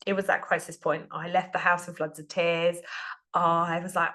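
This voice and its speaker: A woman's voice: on the low side, level tone, normal speed, sharp tone. A woman hosting her own podcast, talking in a heartfelt, rambling way full of fillers and restarts. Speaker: podcast host and business coach. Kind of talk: casual solo podcast monologue.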